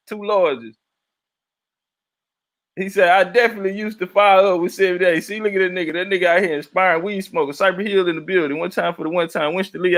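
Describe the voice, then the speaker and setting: A man's voice: sits high, fairly bright tone. A man hosting a casual livestream, rambling profanely and reading chat messages aloud. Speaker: livestream host.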